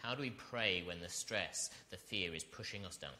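A man preaching a sermon, earnest and direct, asking his listeners questions and building to loud, emphatic peaks. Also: deep voice, normal speed, slight background noise. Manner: asks the congregation rhetorical questions.

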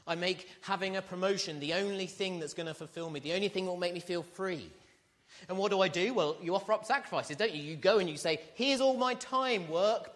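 A man preaches a sermon in a fairly high, fairly bright voice, talking conversationally and asking the congregation questions.

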